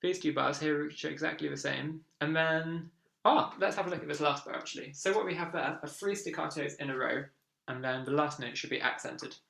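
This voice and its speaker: Encouraging music teacher who counts in beats; slight fry, roomy sound. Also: mid-range voice, a little fast, a bit bright. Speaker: viola teacher. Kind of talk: online music lesson. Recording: echoey room with viola playing.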